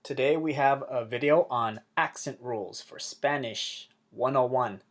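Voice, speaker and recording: A man's voice: mid-range voice, measured pace. A man teaching an introductory Spanish lesson, explaining things plainly with an upbeat manner and small jokes.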